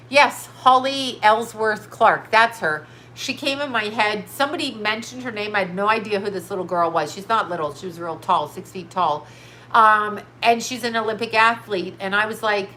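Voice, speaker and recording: A woman's voice: medium pitch, sharp tone, a little hiss or hum. Blunt, rambling woman with a stuffed nose. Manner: scattered, blunt, reads viewer comments aloud. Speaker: psychic livestream host. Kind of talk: casual rambling livestream chat.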